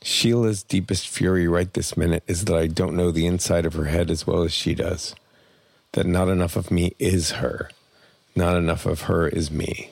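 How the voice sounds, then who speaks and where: A man reading a personal memoir aloud in plain, measured first-person storytelling. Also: sits low, steady tone, vocal fry, a little mellow, no echo. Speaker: memoir narrator.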